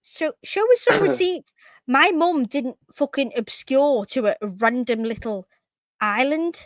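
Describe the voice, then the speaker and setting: A woman's voice: high voice, animated, a little slow, no room sound. A woman hosting a call-in stream, trading profane, mocking taunts in a heated live argument on a close mic. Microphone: close desk mic.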